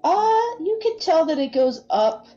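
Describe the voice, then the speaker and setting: A woman's voice: very high voice, very animated, a little slow, dark tone, muffled recording, soft background music. A woman running an online tabletop game as game master, describing scenes casually with many fillers.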